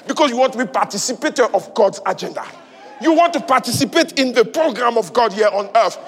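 A man preaching a sermon in church, repeating rhetorical questions and rising to shouts. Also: very high voice, expressive, a little fast. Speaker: pastor. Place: church hall. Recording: reverberant hall with faint music.

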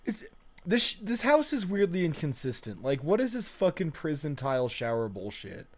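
A man's voice: fairly high pitch, sing-song, normal speed. Wisecracking man riffing on a movie. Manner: wisecracking and profane. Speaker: podcast co-host. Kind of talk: casual movie watch-along commentary.

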